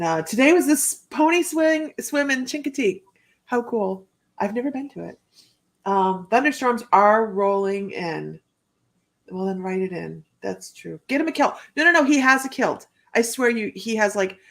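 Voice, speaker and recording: A woman hosting a relaxed live stream from home, talking in a loose, rambling way. She laughs often and greets viewers by name as she reads their comments. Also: mid-range voice. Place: home, indoors.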